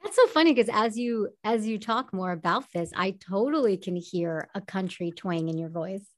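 A woman, an actress and podcast guest, sharing her personal testimony as an enthusiastic, expressive storyteller. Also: mid-range voice, normal speed.

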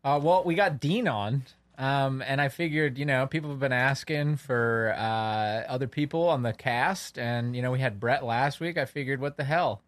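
A man's voice: medium pitch, normal speed, few pauses, dry recording. A man hosting a casual podcast, talking in a rambling, easygoing way and laughing often. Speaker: podcast host. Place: studio space.

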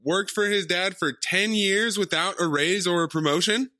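A man's voice: high-pitched, moderate pace, bright, forceful tone, dry recording, studio quality. A man co-hosting a movie podcast, making brief, matter-of-fact remarks in casual chat. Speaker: podcast co-host.

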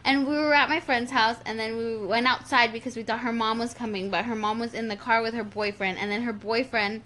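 A woman's voice: fairly high pitch, fairly even intonation, fairly quick, sharp tone, a little hiss or hum. A woman in a casual chat, hesitant and searching for words as she tells a memory. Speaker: podcast co-host.

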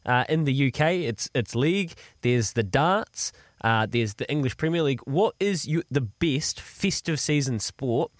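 A man's voice: mid-range voice, animated, a little slow, dry recording, studio quality. A New Zealand man hosting a sports talk radio show, easygoing, calling for listeners to phone in. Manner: easygoing, asks short questions.

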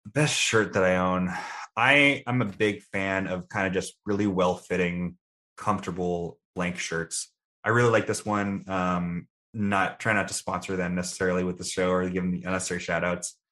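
Deep-voiced young man, easygoing. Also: steady tone, normal speed, bright, forceful tone. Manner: easygoing, thoughtful, self-deprecating. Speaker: guest. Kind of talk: casual interview answers.

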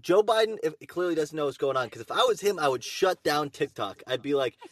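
A man's voice: a little high, fairly quick, dry recording. A young man co-hosting a podcast, telling stories in casual chat with lots of swearing. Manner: swearing, excited storytelling. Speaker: podcast co-host.

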